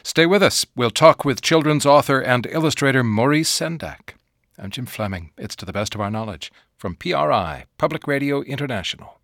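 Measured male radio host, dry sound. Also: mid-range voice, lively intonation, fairly bright tone, no room sound. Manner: smooth, measured announcing. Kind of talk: scripted radio hosting.

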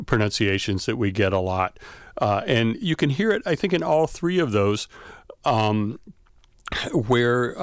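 A man's voice: mid-range voice, dry recording, studio quality. Professorial man explaining, lots of ums. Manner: explanatory, many uh fillers. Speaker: linguistics professor guest. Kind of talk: expert explaining on radio. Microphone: studio microphone.

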